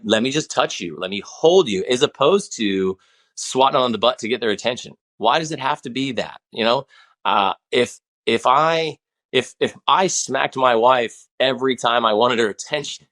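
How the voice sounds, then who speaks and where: With a medium-pitched, expressive, fairly bright voice at normal speed, a man in his forties chats casually as a podcast guest. He's passionate and rambling, frequently starting sentences over.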